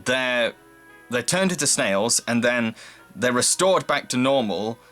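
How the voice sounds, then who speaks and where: A man's voice: mid-range voice, expressive, unhurried, fairly bright tone, faint music behind. A man casually reviewing a movie, laughing often and rambling through his thoughts. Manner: giggly, rambling. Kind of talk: casual chat.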